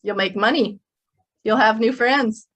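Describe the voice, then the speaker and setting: A woman's voice: a little high, unhurried. A middle-aged woman speaking to her audience in an emphatic, preachy way, as the speaker at a motivational workshop. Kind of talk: motivational speech. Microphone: speaking to a live online group.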